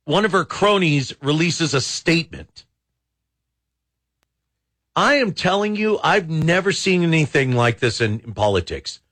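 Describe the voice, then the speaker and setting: A man's voice: a little high, lively intonation, unhurried, fairly bright tone. A man hosting a talk radio show, rambling and exasperated, with many false starts. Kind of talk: casual talk radio commentary.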